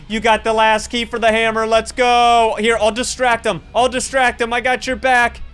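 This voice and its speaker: A young man with a notably high voice narrates his gameplay with excited energy. He laughs often and keeps calling out to his teammates as he plays. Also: normal speed, few pauses, clean tone, faint music behind. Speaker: gaming YouTuber.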